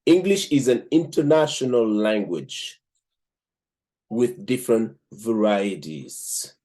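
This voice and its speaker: This mellow, mid-range voice belongs to a male host from Africa, who has an African accent. Reviewing a book and reading passages aloud, he keeps a measured delivery broken by frequent "um" pauses.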